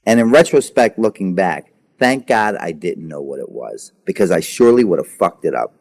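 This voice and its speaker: A man's voice: deep voice, lively intonation, a little mellow. A man in his thirties, a guest in an interview, telling his own story frankly, often stumbling over repeated words before driving a point home. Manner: halting, repeats words, then intense and emphatic.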